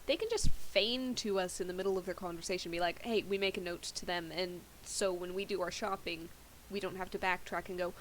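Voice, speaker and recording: A woman's voice: lowish voice, fairly even intonation, a little fast, a little hiss or hum, low-quality recording. A woman player organizing the party's plans in casual chat, thinking aloud as she goes. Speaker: tabletop game player. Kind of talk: casual out-of-game planning chat.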